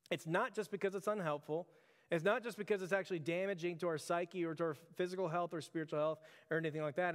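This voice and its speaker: A man in his thirties gives an earnest, conversational sermon to his congregation. His voice sits fairly high for a man and trails off into a long hall reverb. He talks in an informal way, often calling out to the listeners as "church". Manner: earnest, repeatedly addresses listeners as "church", filler "like". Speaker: pastor.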